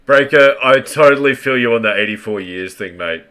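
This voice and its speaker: A man's voice: on the low side, brisk, fairly bright tone, clear, resonant tone. A man co-hosting a casual livestream, swearing freely and playing up his complaints for laughs. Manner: swears freely, mock-dramatic. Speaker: stream co-host.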